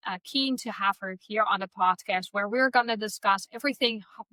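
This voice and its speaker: A woman's voice: fairly high pitch, pushed and bright, dry recording. A woman hosting a podcast, giving a friendly welcome and introducing her guest in a casual chat. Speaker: podcast host.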